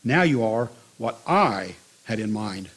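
A man voicing a patient master potter who speaks quietly and gently. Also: on the low side, very animated, takes it slowly, slightly rough, voice pushed down, exaggerated voice. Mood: tender.

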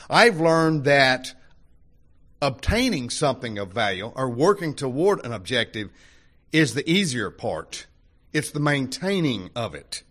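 A man's voice: medium pitch, fairly bright tone. An older man preaching a sermon to a congregation in a folksy, conversational way, full of rhetorical questions. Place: church hall before a congregation.

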